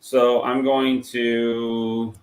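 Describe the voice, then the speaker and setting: A man's voice: mid-range voice, level tone, extremely slow. Joking man in a roomy echo. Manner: joking, mutters to himself while working. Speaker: host. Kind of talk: casual hands-on product demo.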